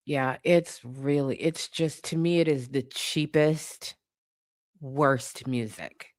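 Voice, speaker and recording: A woman's voice: extremely low pitch, slow, no echo, clean studio sound. A woman commentator in a casual opinion rant, blunt and profane, hammering her points by repeating them. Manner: emphatic, repeats points for force.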